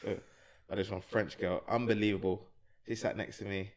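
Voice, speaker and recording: A man's voice: on the low side, level tone, moderate pace. A man, telling a story in casual podcast chat and laughing through the punchlines. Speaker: podcast co-host.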